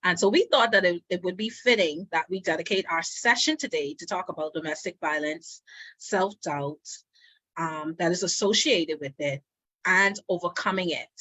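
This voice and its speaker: A woman hosting a chat over a video call, bubbly and quick to laugh. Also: fairly low pitch, pushed and bright, no room sound. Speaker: host.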